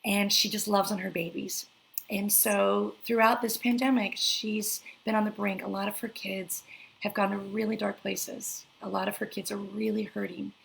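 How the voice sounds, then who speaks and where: A woman's voice: medium pitch, little pitch movement, normal speed, vocal fry, fairly bright tone, rough recording. A woman hosting a live online interview, effusive and emotional, reading a viewer's letter aloud. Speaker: host.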